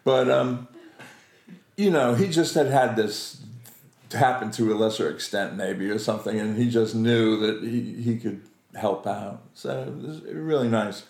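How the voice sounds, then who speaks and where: A man recounting a story as an interview guest, animated and quick to laugh, voicing the people he quotes as he goes. His voice sits in the middle range. The room around him rings with echo. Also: mid-range voice, gravelly. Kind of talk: anecdotal storytelling.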